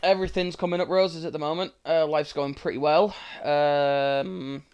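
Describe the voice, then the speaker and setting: Young co-host guy, sarcastic and teasing, smooth clear voice a bit high. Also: fairly even intonation, moderate pace, a little mellow, lo-fi sound. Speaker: podcast co-host. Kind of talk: casual podcast banter.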